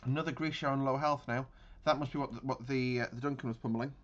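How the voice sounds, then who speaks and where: A man's voice: mid-range voice, steady tone, fast, muffled recording. A man giving casual gameplay commentary on a naval battle game, thinking aloud with frequent restarts. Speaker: gaming channel host.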